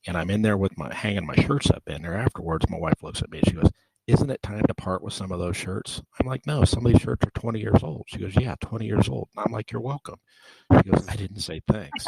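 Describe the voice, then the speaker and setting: A man's voice: sits low, creaky, darkish tone, low-quality recording. A middle-aged man telling rambling personal anecdotes as a guest in a casual interview.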